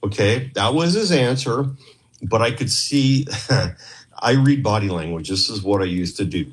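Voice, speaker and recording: A man's voice: lowish voice, expressive, a little slow. A man from Canada telling a story in a casual interview, rambling and acting out the dialogue he had with others. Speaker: podcast guest, former investigator.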